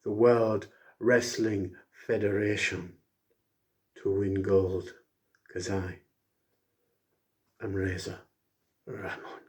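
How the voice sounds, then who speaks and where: A man doing a quiet, low impression of a cocky male wrestler, boasting in a put-on accent. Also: flat delivery, drawn-out words, long pauses.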